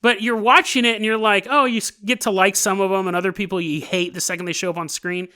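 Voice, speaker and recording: Bright-voiced man telling a story. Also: high voice, steady tone, clear, resonant tone. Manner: chatty, with joking asides and quick laughs. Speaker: podcast host. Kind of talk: casual storytelling narration.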